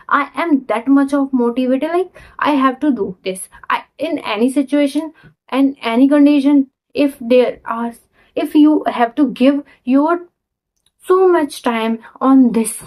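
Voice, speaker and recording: A young Indian woman speaks straight into her phone camera in earnest learner English, stopping and restarting her sentences as she goes. Her voice sits a little high for a woman. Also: a little mellow, rough recording. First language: Hindi. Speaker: vlogger. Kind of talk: casual talk to camera.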